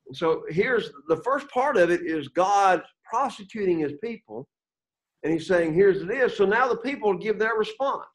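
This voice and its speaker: Teaching a Bible lesson, a man reads scripture aloud with rising emphasis and poses questions to the class. His voice sits high, sing-song and breathy-edged, at normal speed.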